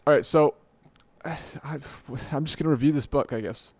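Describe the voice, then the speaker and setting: A man's voice: on the high side, moderate pace, darkish tone, dry recording. A young man hosting an unscripted solo podcast late at night, rambling and correcting himself as he jokes at his own expense, into a desk mic at home. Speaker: podcast host. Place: home room at night, dim light.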